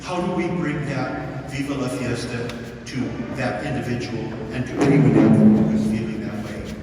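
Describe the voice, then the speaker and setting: A man's voice: mid-range voice, background noise. Man preaching in an echoey church. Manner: storytelling with animated asides. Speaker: priest. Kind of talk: homily at a mass. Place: large old mission church. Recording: echoey church, distant mic.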